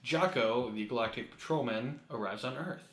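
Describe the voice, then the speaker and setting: A man co-hosts a podcast in a casual, joking way, with a voice of ordinary middle pitch. He retells the episode in a relaxed, chatty manner. The recording has a roomy echo around him. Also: moderate pace. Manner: joking, acts out characters' lines while recapping. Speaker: podcast co-host. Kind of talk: casual chat recapping an anime episode.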